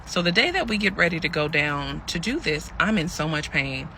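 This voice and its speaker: A man's voice: fairly high pitch, big pitch swings, moderate pace, pushed and bright, a little hiss or hum, full character voice. A man telling a pregnant young woman's story in her voice, chatty and calling listeners y'all as he acts out the quoted lines. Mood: weary, aggrieved. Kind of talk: storytelling monologue.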